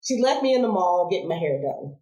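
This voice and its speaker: A woman's voice: on the low side, brisk. Laughing woman telling stories in a roomy space. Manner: animated and laughing, acts out voices in her stories. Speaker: podcast guest. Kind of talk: casual storytelling interview. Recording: roomy echo.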